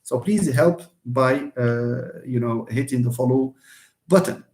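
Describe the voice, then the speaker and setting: A man's voice: mid-range voice, a little slow. Man teaching, echoey room. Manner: hesitant, many fillers and restarts; lively emphasis when giving examples. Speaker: English lecturer. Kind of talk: live online lesson.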